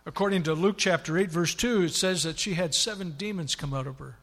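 Husky-voiced male preacher in a reverberant hall. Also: fairly high pitch, brisk, a bit bright. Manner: dramatic, retelling scripture with rising emphasis. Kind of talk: sermon.

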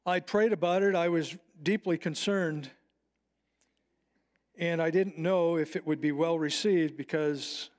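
A middle-aged male pastor delivering a sermon in an earnest, heartfelt way. His voice sits a little higher than most men's, and he slows deliberately on phrases he wants to land. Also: a little mellow. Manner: earnest, personal storytelling with slowed emphatic phrases.

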